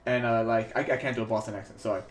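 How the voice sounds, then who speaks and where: A man's voice: on the low side, level tone, rapid-fire. A man hosting a sculpting livestream, chatting casually as he works, rambling with many fillers and restarts. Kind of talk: casual chat while working. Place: home studio in New York. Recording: roomy echo, faint music behind.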